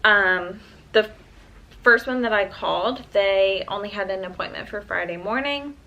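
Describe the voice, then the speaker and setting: A woman's voice: mid-range voice, unhurried, pushed and bright, rough recording. A woman in her twenties, a vlogger, telling a personal story in a casual, chatty way, with plenty of "um" and "like". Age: 20s. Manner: chatty, full of "um" and "like".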